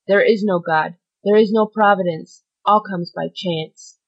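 A woman's voice: medium pitch, fairly even intonation, measured pace, breathy edge. A woman reading an audiobook, voicing a dying, desperate male criminal who speaks in a fervent, pleading way. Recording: dull lo-fi recording.

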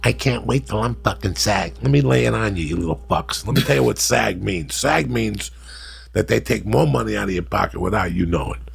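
A man's voice: fairly low pitch, expressive, brisk, vocal fry, slightly rough. A man telling crude comic stories in a profane rant, jumping into other people's voices. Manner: profane, ranting, jumps into voices.

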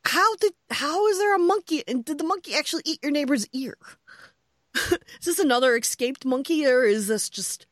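A woman co-hosting a podcast from home, telling a story in a lively, exclaiming way and laughing often. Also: sits high, normal speed, no room sound. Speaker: podcast co-host. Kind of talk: casual chat. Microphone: headset earphones.

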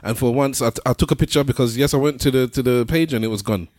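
A man with a London accent co-hosting a podcast, an animated storyteller who acts out what others said in casual chat. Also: mid-range voice, quick pace, dry recording, studio quality. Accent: London English. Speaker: podcast co-host.

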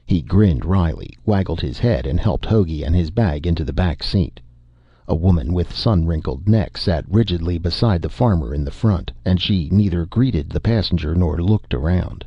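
A man narrating an audiobook in a steady, measured way. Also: sits low, husky, no room sound. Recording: dull, dry recording.

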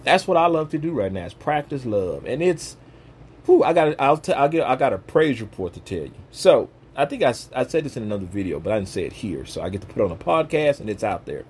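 A man's voice: mid-range voice, very animated, fast talker, a little mellow, husky. A man hosting his own podcast, talking to viewers in an emphatic, conversational, preachy way about faith. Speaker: podcast host.

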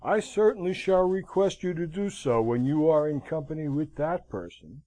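A man voicing a stern, blunt middle-aged army colonel in an audiobook, speaking curtly and gravely. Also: fairly high pitch, big pitch swings, moderate pace, dark tone, voice pushed up. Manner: curt, grave, frank.

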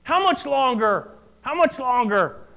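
A whiny little kid nags from the back seat, put on by a male preacher, high-pitched and insistent. The same complaint comes again and again. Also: big pitch swings, a little slow, bright, forceful tone, exaggerated voice. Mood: whining. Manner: whiny, repeating. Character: whining small child in a car.

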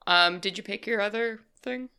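A woman's voice: mid-range voice, normal speed, sharp tone, clean tone. A woman running a tabletop game, casually prompting players and narrating. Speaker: game master.

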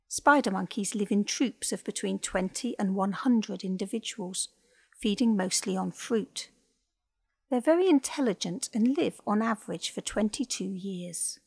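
A woman reading a children's story aloud with gentle, clear pacing. Her voice is gravelly and slightly husky, sitting at a middle pitch, the tone of a calm podcast host. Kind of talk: scripted narration.

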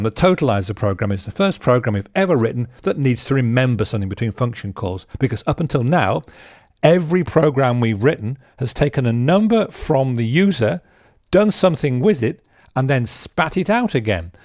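A man's voice: mid-range voice, expressive, fairly quick, darkish tone, no echo. Chatty man teaching programming, dry sound. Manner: chatty, joking asides, frequent ums and restarts. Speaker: programming instructor. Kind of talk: casual spoken lesson.

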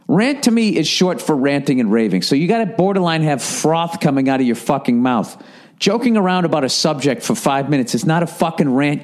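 A man's voice: on the low side, darkish tone. A man hosting a solo comedy podcast, reading listener emails aloud and arguing back at them with heavy swearing and sarcasm. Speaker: podcast host.

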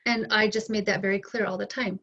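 A middle-aged woman telling her story as an interview guest, candid and animated, acting out both sides of past conversations. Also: medium pitch, a little fast. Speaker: interview guest, bereaved mother. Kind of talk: emotional personal storytelling. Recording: dull lo-fi sound.

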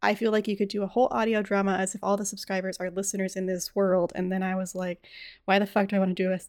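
A woman hosting a podcast in casual chat, chatty and quick to laugh, often trailing off and restarting her sentences. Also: medium pitch, level tone, no room sound, studio quality. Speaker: podcast host.

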